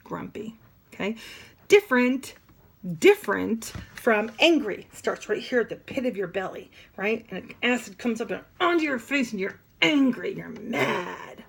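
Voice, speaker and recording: A woman teaching sign language vocabulary in an animated, demonstrative way, with playful asides. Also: a little high, normal speed, gravelly, husky. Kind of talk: classroom lesson.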